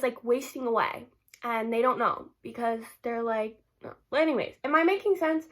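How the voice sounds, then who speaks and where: A woman's voice: sits high, lively intonation, normal speed, fairly bright tone. A young woman rambling casually in a vlog, giggly and gushing, with constant "like" fillers. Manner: giggly, gushing, heavy use of "like". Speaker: book vlogger.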